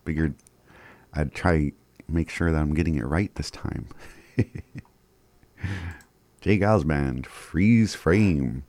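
A man's voice: a bass voice, slow, pauses often, a little mellow, dry recording. A man hosting community radio, reading daily announcements in an easygoing way, chuckling and stumbling over words now and then. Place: radio studio.

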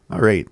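A man giving a casual language lesson, slowly repeating words and chuckling often. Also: dry recording. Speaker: language teacher.

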